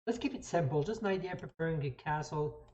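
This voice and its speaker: A woman's voice: low-pitched, brisk, dark tone. A woman streaming a chess game, explaining each move as she plays, often restarting and thinking aloud. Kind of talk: live commentary while playing.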